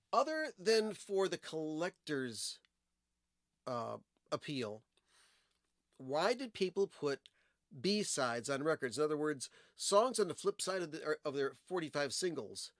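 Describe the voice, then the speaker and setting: In a clean studio recording with no echo, a livestream host with a fairly high voice shows old records and rambles about singles and what's on their flip sides. He keeps digressing into stories, using lots of fillers along the way.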